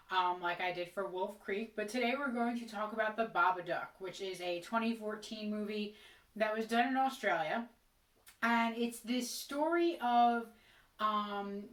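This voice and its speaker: A woman's voice: mid-range voice, fairly bright tone. A woman casually reviewing a horror film in a chatty, exasperated way, with frequent ums. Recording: roomy, distant mic.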